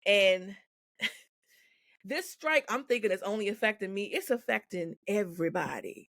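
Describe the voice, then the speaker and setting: Woman podcast guest, gravelly fry in her voice, super dry close sound, frank and lively. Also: medium pitch, a little slow, dry recording. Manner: frank, animated, laughs often. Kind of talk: candid conversational storytelling. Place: podcast recording.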